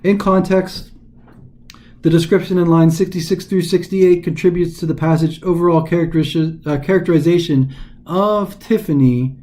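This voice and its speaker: A man's voice: a little high, normal speed, dark tone. A man tutoring as a test prep teacher in a casual recorded lesson, talking informally and dramatizing the text as he explains it.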